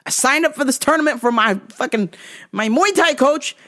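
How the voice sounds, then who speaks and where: A woman vlogger telling a story casually, swearing freely and with animated delivery. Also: sits high, normal speed. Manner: profane, animated.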